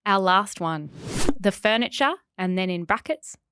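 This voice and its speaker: A woman co-hosting a podcast, chatting casually with wry, deadpan asides. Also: mid-range voice, measured pace, clear, resonant tone, no room sound. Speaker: podcast co-host. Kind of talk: casual chat.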